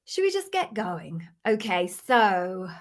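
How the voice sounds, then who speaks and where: A woman's voice: medium pitch, very animated, slow. A middle-aged British woman with a cold, hosting a casual live stream from her home office and greeting viewers in an apologetic, chatty way. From Britain. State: has a cold. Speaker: livestream host, former Amazon interviewer. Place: home office with sound-absorbing panels. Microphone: webcam live stream.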